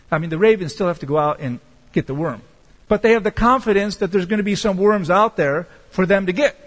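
A man preaching a sermon as pastor, emphatic and slowing down to stress key words. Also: sits high, long reverb tail, poor audio.

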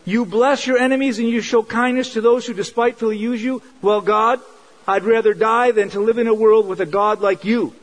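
A man's voice: steady tone, a little fast, close to an everyday voice, rough recording. A man voicing an angry, desperate male prophet who pleads with and scolds God. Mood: indignant. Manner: pleading, indignant, rising in pitch.

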